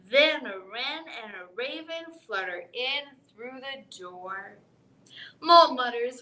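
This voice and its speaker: A woman as a children's librarian giving a live storytime read-aloud, expressive, sing-song and encouraging, in a library room. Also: on the high side, slow pace, echoey room.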